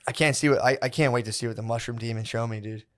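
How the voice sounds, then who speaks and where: A man co-hosting a podcast in casual chat, a bit hoarse, telling stories and mimicking friends. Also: racing. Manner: relaxed storyteller, mimics friends in low mumbled voices. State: hoarse after a weekend of smoking. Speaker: podcast co-host.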